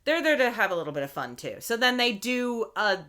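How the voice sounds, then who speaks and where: Woman, podcast co-host, casual recap, bright tone, very lively pitch. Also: fairly quick. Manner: animated, acts out quotes in character voices.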